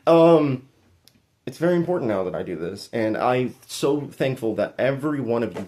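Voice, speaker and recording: A man's voice: mid-range voice, expressive, moderate pace, a little mellow. A young man speaking to his viewers in an earnest, rambling and self-deprecating way, with many restarts. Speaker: YouTuber thanking subscribers. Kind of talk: heartfelt casual vlog monologue.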